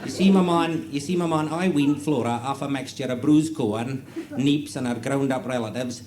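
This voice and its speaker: A man voicing a gruff, boastful old farmer from the Buchan countryside, with a northeast Scottish accent and a blunt manner. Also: medium pitch, normal speed, roomy sound, close to an everyday voice. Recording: noisy tape copy with audience laughter.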